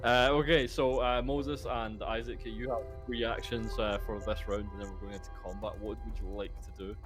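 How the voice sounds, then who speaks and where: A man's voice: fairly low pitch, steady tone, normal speed. A man narrating a tabletop game as game master, loose and full of fillers, popping into brief character voices. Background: faint background music.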